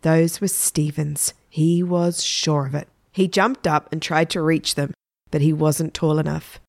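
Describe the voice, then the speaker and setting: A woman narrating a children's story in a plain, even manner. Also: deep voice, a little slow, vocal fry, dry recording, clean studio sound.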